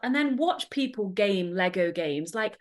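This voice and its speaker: A woman's voice: medium pitch, normal speed. An Englishwoman from England with an English accent, a guest on a podcast in casual chat, gushing and enthusiastic, talking from her home. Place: home in the Netherlands.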